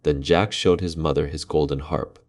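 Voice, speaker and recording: A man reading a fairy tale aloud in measured, dramatic storybook narration. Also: very deep voice, steady tone.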